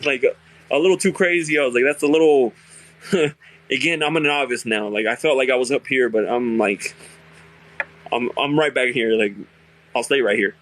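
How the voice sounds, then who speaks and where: A young man hosts a casual podcast chat at a moderate pace, his medium-pitched voice a bit bright. He tells relaxed, loose stories thick with filler words and punctuated by lots of laughs.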